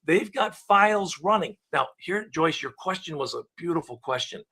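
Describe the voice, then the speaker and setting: A husky-voiced man with a fairly high pitch, talking through conflict with lively acted-out examples. He speaks as a coach in a relaxed conversational way. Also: normal speed. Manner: animated, acts out dialogue examples. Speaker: guest, question coach. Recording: live online show.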